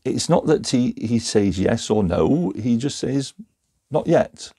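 A man's voice: medium pitch, animated, unhurried, dark tone, husky. A man preaching a Methodist sermon, thinking aloud in a reflective way with small restarts. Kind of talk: recorded sermon.

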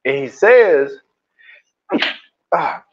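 A man's voice: a little high, sing-song, drawn-out words. Rambling slangy man on dull audio. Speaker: podcast co-host. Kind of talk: casual chat recapping a documentary.

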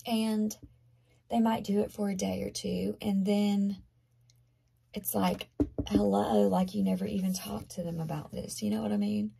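A woman giving a tarot card reading to viewers, talking earnestly and conversationally, often dropping into soft half-whispers. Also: medium pitch, fairly even intonation, normal speed, vocal fry, slightly rough. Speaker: tarot reader.

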